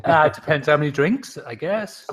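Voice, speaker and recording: Joking man, slightly high voice. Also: expressive, fairly quick, a bit bright, a little hiss or hum. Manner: joking, laughs often. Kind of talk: casual group chat.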